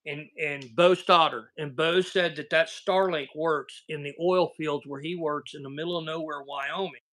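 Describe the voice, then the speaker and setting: A man's voice: on the high side, fairly even intonation, moderate pace, pushed and bright. A man with a Southern American accent hosting a casual livestream chat, telling rambling, folksy stories over a video call. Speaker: livestream host.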